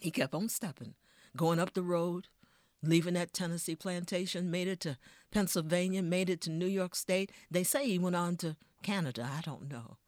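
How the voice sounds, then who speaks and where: A woman storyteller, telling a tale with expressive, rhythmic delivery and then talking in an interview. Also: moderate pace, no room sound, studio quality. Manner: expressive, rhythmic storytelling with wide swings in pitch and volume. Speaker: storyteller guest.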